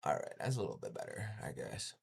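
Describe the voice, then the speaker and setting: A man's voice: very deep voice, fast talker, vocal fry, breathy edge. A man talking on a casual live stream from home, into a phone or webcam mic. He swears freely and ends his sentences with "yo." He acts out his stories and sometimes makes the sounds himself. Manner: profane, keeps saying "yo"; animated storytelling with sound effects. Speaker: livestreamer.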